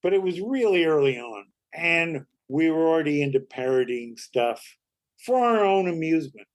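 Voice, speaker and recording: Older man telling lively stories. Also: a little high, normal speed. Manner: lively anecdotal storytelling, acts out quoted voices. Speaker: comedy actor and writer, guest. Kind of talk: storytelling interview.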